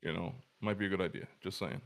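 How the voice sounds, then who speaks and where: A man's voice: low voice, fairly even intonation, fast talker, gravelly. A man co-hosting a live podcast over a video call, talking casually and bluntly, swearing freely and stammering as he starts his points. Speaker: paramedic podcast co-host.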